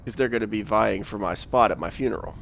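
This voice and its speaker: A man's voice: on the low side, quick pace, creaky, a bit bright, slight background noise. A man in casual gaming banter over voice chat, profane and joking.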